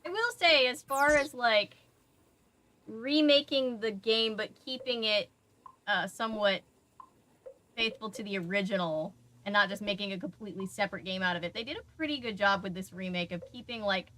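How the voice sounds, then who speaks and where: A woman's voice: medium pitch, moderate pace, pushed and bright. A young woman chatting casually to her viewers while she plays a video game, talking back to the game as she goes. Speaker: game streamer. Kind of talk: casual gameplay commentary.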